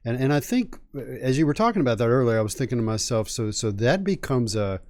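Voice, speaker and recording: A man's voice: medium pitch, big pitch swings, quick pace, darkish tone, no echo. A man co-hosting a sports podcast, leading topics in a casual, conversational way and thinking aloud. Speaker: podcast co-host.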